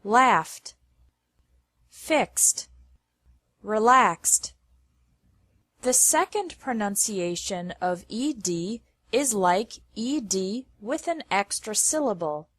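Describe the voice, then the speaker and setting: Very slow woman reading word lists. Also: mid-range voice, lively intonation. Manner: reads word lists one by one with careful pauses. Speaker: pronunciation teacher. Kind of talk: slow scripted pronunciation lesson.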